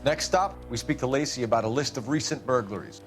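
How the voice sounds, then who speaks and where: A man's voice: mid-range voice, fast, faint music behind, natural voice. An actor playing a stern young male police detective who speaks in a terse, businesslike way. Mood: calm, clipped.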